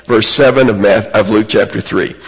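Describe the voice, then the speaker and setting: A man's voice: lowish voice, fairly even intonation, normal speed, a bit bright, slightly rough. A man preaching a sermon in an earnest, emphatic way, lifting his voice on key points. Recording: long reverb of a large hall.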